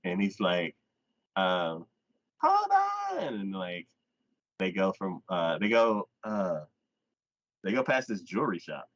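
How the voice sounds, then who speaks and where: A man hosting a live anime podcast, retelling an episode in a casual chat with quick voiced asides. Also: low-pitched, highs cut off.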